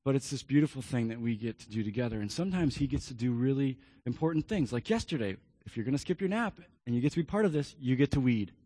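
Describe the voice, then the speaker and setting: A man's voice: mid-range voice, animated, fast, few pauses, dark tone, slightly rough, in a large hall. A man in his thirties, a pastor, telling a personal story in an earnest sermon and repeating key phrases.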